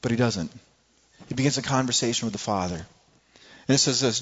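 A man's voice: medium pitch, a little fast, long pauses, fairly bright tone, breathy edge. A male pastor preaching a sermon in an earnest way, often repeating words as he searches for the next one. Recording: dull lo-fi recording.

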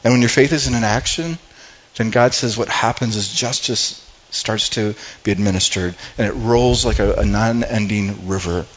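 A man's voice: lowish voice, moderate pace, dull audio. A pastor preaching a sermon in a conversational way, often repeating words and restarting his sentences.

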